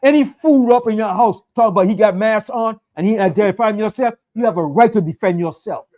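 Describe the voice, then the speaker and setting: Man, high voice, preacher, fiery and conversational, repeats his points for emphasis. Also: a little fast, mellow. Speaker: pastor. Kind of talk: sermon.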